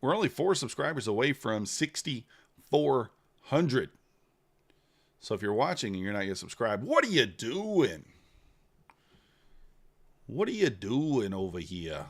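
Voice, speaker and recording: A man putting on a slow, exaggerated mock Boston accent while chatting to his livestream viewers. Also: lowish voice, animated. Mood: hamming it up. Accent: Boston (put on). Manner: drawn-out, slowed words.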